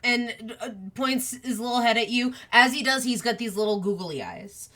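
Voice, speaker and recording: A woman narrating a tabletop game as game master, talking in a relaxed, meandering way with lots of fillers. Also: on the high side, normal speed.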